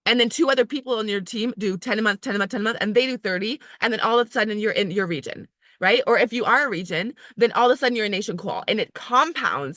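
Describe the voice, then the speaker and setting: Woman, area manager, motivational team talk, bright forceful tone, chatty and emphatic, lots of "like". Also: lively intonation, brisk, no room sound, clean studio sound. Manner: acts out inner voices in a higher pitch.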